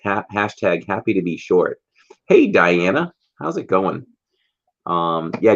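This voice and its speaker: A man with a deep, low voice hosts a casual livestream. He reads viewer comments aloud and greets people by name. The stream audio sounds dull and lo-fi. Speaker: livestream host.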